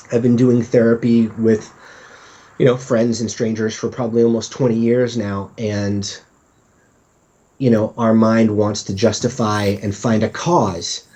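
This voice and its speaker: A man guests on a podcast for a relaxed, conversational interview, speaking unhurriedly in a level, mid-range voice that's dark and slightly rough. Candid and self-deprecating, he sometimes acts out his own inner voice. The sound is dull and lo-fi.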